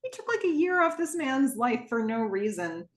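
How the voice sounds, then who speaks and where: A woman hosting a podcast, retelling a TV episode scene by scene in a lively, laughing way. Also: on the high side, normal speed. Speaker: podcast host. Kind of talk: casual episode recap. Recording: roomy echo.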